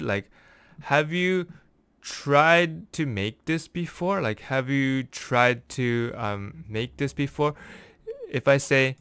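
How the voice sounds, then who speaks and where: Smooth-voiced man teaching a language lesson. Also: mid-range voice, fairly bright tone, no echo. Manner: explains word by word, slowing down for examples.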